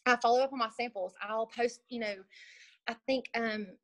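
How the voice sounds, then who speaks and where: A woman's voice: fairly high pitch, fairly even intonation, moderate pace, a bit bright, dry recording, poor audio. A young woman, talking casually and unscripted on a video team call about selling nails. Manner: chatty and upbeat, with many fillers and restarts. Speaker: nail product seller sharing tips on a team call.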